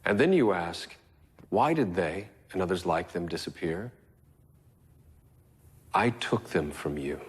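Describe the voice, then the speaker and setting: An actor playing a defiant male rebel leader giving a solemn, measured speech to a nation in a dramatic film. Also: deep voice, lively intonation, breathy edge, exaggerated voice.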